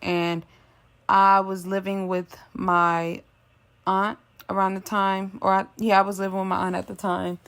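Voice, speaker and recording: A woman's voice: mid-range voice, little pitch movement, measured pace, a bit bright, smooth. A woman casually telling a storytime, rambling with many fillers and restarts.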